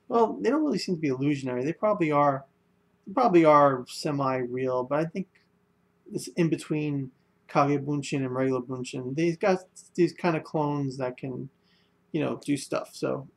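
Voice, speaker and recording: Young male reviewer, casual rambling delivery, gravelly, slightly high voice. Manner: rambling, many fillers and restarts. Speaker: manga reviewer.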